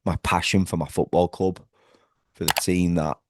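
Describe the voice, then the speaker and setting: A man's voice: deep voice, level tone, normal speed, background noise. A man from northwest England, hosting a casual football fan vlog from home, talking passionately and rambling with lots of fillers and restarts. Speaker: football fan channel host. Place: at home indoors.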